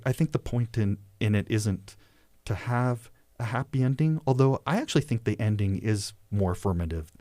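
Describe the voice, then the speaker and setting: A man's voice: fairly low pitch, normal speed, hardly any pauses, warm tone, no room sound. A man, a professor, talking through ideas in a reflective discussion, thoughtful and correcting himself as he goes.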